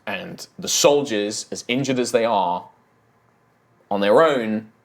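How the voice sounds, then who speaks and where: A man's voice: lowish voice, takes it slowly. A man narrating a fantasy tabletop game as dungeon master, describing scenes vividly with some fillers.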